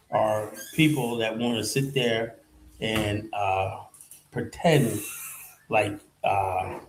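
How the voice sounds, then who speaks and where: A man's voice: mid-range voice, slight background noise, rough recording. A man hosting his own commentary channel, ranting heatedly and mocking the people he argues against with sarcastic quotes. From United States. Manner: heated, sarcastic, mocks opponents in put-on quotes. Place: in Liberia, West Africa.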